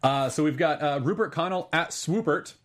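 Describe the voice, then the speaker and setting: A man's voice: a little high, normal speed. A man hosting a podcast, reading out listener messages and chatting casually, with lots of fillers. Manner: rambling, filler-heavy, good-humored.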